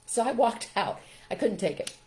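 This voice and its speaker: Mellow-voiced older woman telling stories. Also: a little high, moderate pace, a little hiss or hum. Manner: storytelling, emphatic, expressive. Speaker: parenting show host. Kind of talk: casual talk to listeners.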